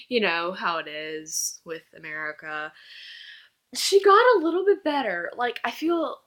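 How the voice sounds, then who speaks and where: A woman's voice: fairly high pitch, big pitch swings, unhurried, fairly bright tone. Gushing young woman reviewing a book. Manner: gushing, rambling fangirl talk. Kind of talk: casual chat.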